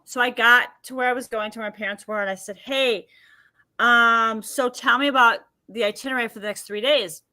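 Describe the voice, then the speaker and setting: This woman guest, an emotion healer, speaks briskly with a fairly high pitch during a podcast interview. Her personal anecdotes are lively, with quotes acted out.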